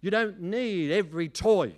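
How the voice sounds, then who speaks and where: Animated preacher, fairly high voice. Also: male voice, measured pace. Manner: animated, emphatic preacher with folksy asides. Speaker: pastor. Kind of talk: sermon.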